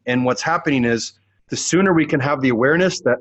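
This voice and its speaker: A man's voice: medium pitch, quick pace, fairly bright tone, no echo, dull audio. A man talking as a coach in an earnest, reflective way, circling back on his phrases in a podcast conversation.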